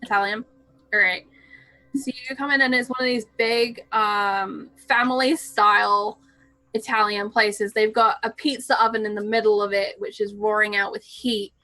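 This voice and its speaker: Bright-voiced woman game master. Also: mid-range voice, steady tone, no room sound, faint music behind, low-quality recording. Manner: descriptive, unhurried scene-setting. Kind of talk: narrating a tabletop game.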